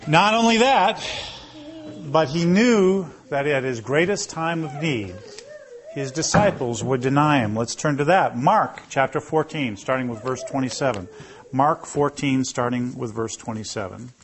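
A man's voice: mid-range voice, animated, measured pace. A man preaching a sermon as pastor, reading scripture aloud in a conversational way and calling on listeners by name.

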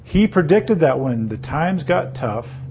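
A man reading scripture aloud and teaching on it, pausing to ask his listeners rhetorical questions. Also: a little high, sing-song, dark tone, slight background noise. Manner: reads slowly, then explains with rhetorical questions. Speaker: Bible teacher.

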